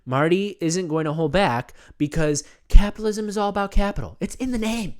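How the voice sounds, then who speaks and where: A man's voice: high voice, a little fast, lightly acted. A man playing a rambling, self-absorbed self-care guru who talks about himself in the third person, in a comedy monologue. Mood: preachy. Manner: earnest, rambling, repeats himself.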